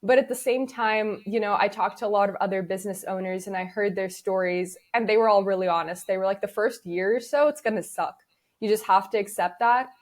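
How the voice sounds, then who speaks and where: A woman's voice: mid-range voice, brisk. A young adult woman, a business founder guest in an interview, telling stories casually and acting out the dialogue she quotes. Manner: lively storyteller who acts out quoted dialogue.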